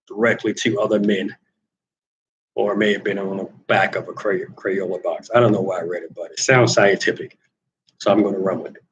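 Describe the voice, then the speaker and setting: A man's voice: fairly low pitch, creaky, rough recording. A man hosting a solo talk monologue, wry and rambling, repeating words as he thinks, turning emphatic when he argues a point. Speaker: host.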